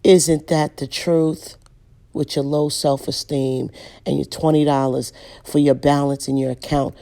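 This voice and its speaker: A woman preaching in a blunt, direct way, repeating key lines and slowing down to drive her points home. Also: low voice, little pitch movement, gravelly, dark tone. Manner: direct, emphatic, repeats lines and slows down for stress. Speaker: online preacher.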